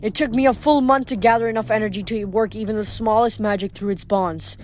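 A woman voicing an imprisoned goddess who speaks in a hushed, stern, commanding tone. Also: medium pitch, steady tone, a little fast, soft background music, lightly acted. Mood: ominous.

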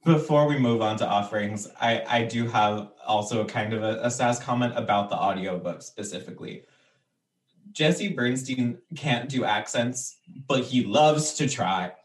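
A joking man co-hosts a podcast and laughs mid-sentence. His voice is mid-pitched and sounds roomy, as if he sits a little back from the mic. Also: moderate pace. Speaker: podcast co-host. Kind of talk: casual chat. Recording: echoey, a bit far from the mic.

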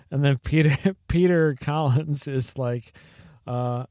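Male podcast co-host, mid pitch, casual rambler with lots of fillers, dry close sound. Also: fairly even intonation, takes it slowly, dark tone, dry recording. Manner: rambling, hesitant with many fillers and restarts, laughs often. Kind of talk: casual chat.

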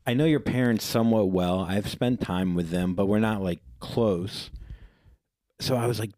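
Low-voiced man rambling through a story. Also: normal speed, darkish tone, dry recording, studio quality. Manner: rambling storyteller, acts out quotes in high voices. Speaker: podcast co-host. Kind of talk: casual chat.

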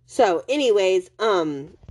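A woman's voice: mid-range voice, expressive, slow, a little mellow. A woman hosting a podcast, recapping a novel's plot in a rambling, casual way, with constant "like" and "um" fillers and frequent restarts. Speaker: podcast host.

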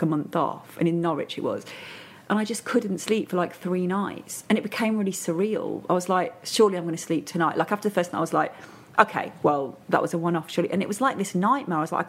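Husky-voiced northern English woman chatting. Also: fairly low pitch. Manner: chatty storytelling, many fillers and restarts. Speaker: podcast guest. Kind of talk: casual chat.

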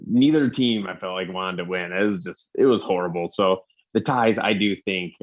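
A laid-back man with a fairly low voice gives casual football analysis, chuckling as he goes. The recording sounds dull and lo-fi. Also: normal speed. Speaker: sports podcast co-host. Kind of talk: casual sports talk.

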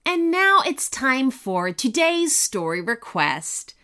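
A woman hosting a children's podcast, reading a bedtime story in a gentle, unhurried way. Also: high-pitched, sing-song, clean tone, faint music behind.

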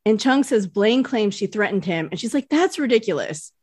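Relaxed woman recapping a TV episode. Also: medium pitch, normal speed, no room sound, clean studio sound. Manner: relaxed storytelling, retells scenes in plain narration. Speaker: podcast co-host. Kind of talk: casual recap chat.

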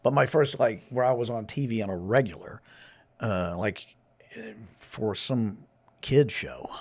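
A man co-hosting a podcast, rambling through anecdotes and dropping his voice low for dry asides. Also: lively intonation, a little slow, darkish tone. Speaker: podcast co-host. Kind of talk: casual chat.

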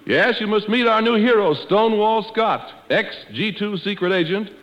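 A man's voice: high-pitched, normal speed. A man announcing in hearty, promotional 1940s radio style. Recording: dull old radio broadcast.

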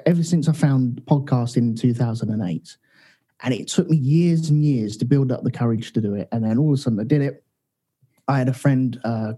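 A man's voice: medium pitch, warm tone, slightly rough. A man guesting on a podcast, chatting casually and bantering with a laugh. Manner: jokey, banters, laughs often.

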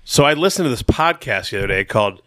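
A man's voice: medium pitch, big pitch swings, quick pace, a bit bright, dry recording, studio quality. A man co-hosting a casual podcast, talking in a laid-back way and telling stories with playful asides. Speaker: podcast co-host.

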